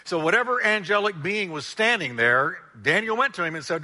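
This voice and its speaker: Man preaching in a church, bright voice, lots of reverb from the hall. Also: high-pitched, brisk. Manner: animated preaching with call-and-response. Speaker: pastor. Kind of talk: sermon.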